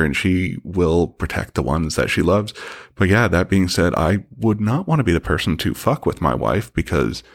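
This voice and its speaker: A middle-aged man hosting a podcast, telling a personal story in a candid, joking way and swearing freely. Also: sits low. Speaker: podcast host.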